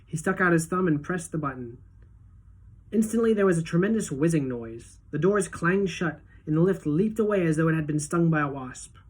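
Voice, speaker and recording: A woman teacher reading a children's book aloud to a class, in a steady, clear storytelling manner. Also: deep voice, moderate pace.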